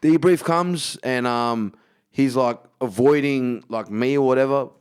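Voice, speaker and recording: A man's voice: mid-range voice, a little slow, smooth. A man, a comedian guest, telling a story in casual podcast chat, swearing a lot and acting out what people said. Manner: animated storyteller, heavy swearing, acts out quotes.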